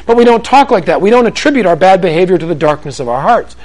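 A middle-aged man preaching a sermon, animated and acting out little dialogues. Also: high voice, fast, low-quality recording. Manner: animated, acts out dialogues with rising excitement. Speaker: pastor.

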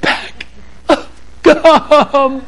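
A man's voice: very high-pitched, steady tone, extremely slow, fairly bright tone, pitched above the performer's own voice, full character voice. Man doing whiny begging kids. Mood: whining. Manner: pleading, whiny, repetitive. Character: whining young children begging for candy.

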